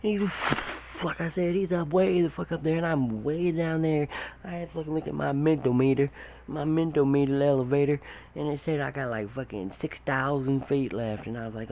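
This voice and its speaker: A man's voice: moderate pace, gravelly. Rambling profane man telling a tall tale. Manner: profane, rambling, pitch shoots up when excited. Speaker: storyteller. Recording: dull lo-fi recording.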